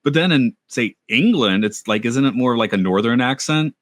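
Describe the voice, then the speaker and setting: A man co-hosting a podcast, chatting casually with rambling, animated asides. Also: medium pitch, moderate pace, no room sound, clean studio sound. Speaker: podcast co-host. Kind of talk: casual chat.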